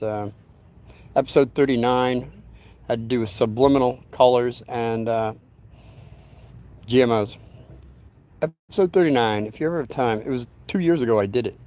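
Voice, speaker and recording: A medium-pitched, darkish-toned man talks at a normal pace while hosting his channel. His story meanders in a folksy, casual way, regularly wandering off into side comments.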